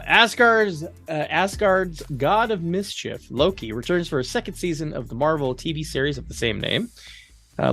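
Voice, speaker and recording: A man's voice: a little high, no room sound. A man co-hosting a podcast, joking around and reading out a streaming segment with frequent laughs. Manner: jokey, laughs often, animated. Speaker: podcast co-host. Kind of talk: casual banter and segment reading.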